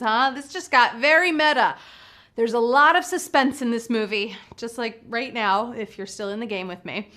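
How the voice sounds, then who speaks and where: A woman's voice: high voice, pushed and bright. A woman hosting a live trivia game show, bubbly and playful, reading questions and hyping up the players.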